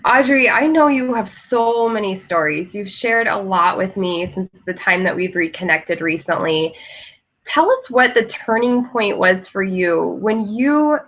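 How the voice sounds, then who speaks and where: A woman's voice: mid-range voice, unhurried, fairly bright tone. A woman hosting an interview, asking questions and encouraging her guest with short affirmations. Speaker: interview host. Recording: dull lo-fi audio.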